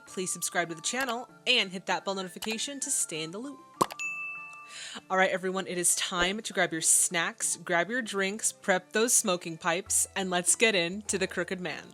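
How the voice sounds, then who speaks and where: Young woman gushing over a tv episode, bit low voice, soft music under her. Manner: excitable, chatty, laughs often. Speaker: movie reaction host. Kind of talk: casual reaction commentary.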